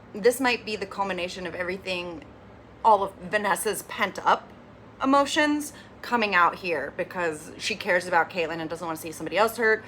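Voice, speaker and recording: A woman hosting a casual TV recap vlog, animated and opinionated, with lively, candid commentary. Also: on the low side, a little hiss or hum. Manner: animated, opinionated, acts out quotes. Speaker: recap reviewer, channel host.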